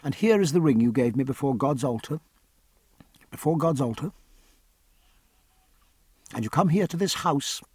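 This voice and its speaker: A man's voice: medium pitch, animated, moderate pace, long pauses, darkish tone, slightly rough, no room sound. A man voicing a bitter, estranged young wife in an audiobook, curt and hurt in her replies. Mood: bitter hushed. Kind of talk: audiobook character voice.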